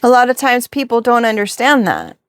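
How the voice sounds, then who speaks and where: Reflective woman reader, higher voice, close dry mic, rhetorical questions. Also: very animated, fairly quick, no room sound. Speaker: tarot reader. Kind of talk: spiritual reading to camera.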